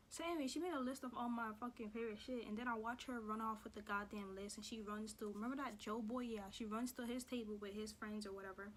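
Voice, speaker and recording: A young woman tells a school story in a sassy, slang-filled, heavily profane style. Her voice sits a bit high for a woman, and a faint hiss runs under the recording. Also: steady tone, fast talker. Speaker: vlogger. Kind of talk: casual storytime.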